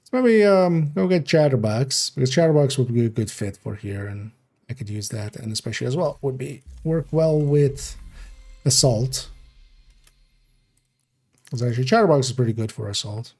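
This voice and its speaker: A man's voice: medium pitch, animated, moderate pace, a little mellow. A man streaming a game, chatting casually in a rambling, mumbling way full of fillers. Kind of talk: casual livestream game talk.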